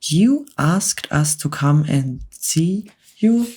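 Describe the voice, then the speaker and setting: A woman voicing a calm, polite female giraffe in an ASMR whispered role-play. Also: sits low, very slow, background noise, full character voice.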